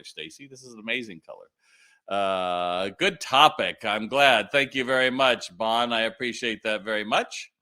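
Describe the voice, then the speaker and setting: Man, middle-aged, slightly low pitch, live Q&A host, casual and animated, frequent fillers. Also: moderate pace. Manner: chatty, animated, many fillers and restarts. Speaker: retail consultant hosting a live Q&A. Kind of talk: casual livestream talk.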